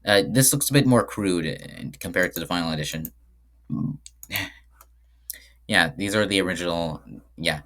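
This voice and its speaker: A man talks through his own game in a loose, conversational commentary, often stopping to correct himself. His voice sits low but moves a lot in pitch. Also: a bit bright. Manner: rambling, frequent self-corrections. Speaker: game developer. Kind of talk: casual screen-share commentary.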